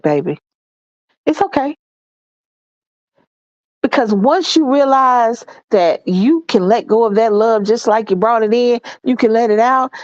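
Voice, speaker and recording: A woman's voice: fairly high pitch, a little mellow, no room sound, dull audio. A congested woman giving relationship advice in a folksy, preachy monologue, calling her listeners y'all and baby.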